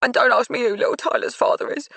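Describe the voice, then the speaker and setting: A woman's voice: on the high side, fast, creaky, fairly bright tone, breathy edge, no echo, pitched above the performer's own voice, exaggerated voice. A woman voicing a grieving mother of a dead teenage daughter, her voice climbing and breaking as she talks. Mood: anguished.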